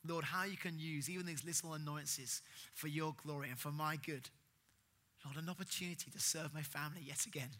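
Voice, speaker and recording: A male preacher with a strikingly bright, forward voice that sits slightly high for a man. He talks earnestly and with emphasis, swelling up for key points and falling soft again. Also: fairly quick. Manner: earnest, emphatic, rising for stress then dropping soft. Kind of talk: sermon.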